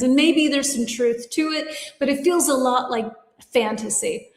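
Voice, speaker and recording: A woman's voice: high voice, animated, normal speed. American woman teaching in an echoey room. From United States. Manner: chatty, reads comments aloud and reacts. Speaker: English teacher. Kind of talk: live-stream lesson reading viewer comments. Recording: echoey room with long reverb.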